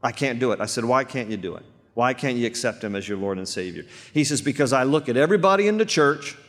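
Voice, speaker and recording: A man's voice: medium pitch, lively intonation, quick pace, a bit bright. A man, a pastor, preaching a sermon to a church congregation, emphatic and repeating phrases for weight. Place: church sanctuary. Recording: long reverb of a church hall.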